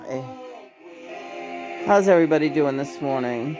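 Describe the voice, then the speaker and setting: A woman's voice: low-pitched, expressive, slow pace, long pauses, over music. A woman in a casual spiritual vlog at home, laughing often and playfully talking to unseen spirits. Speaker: tarot vlogger. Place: home bedroom.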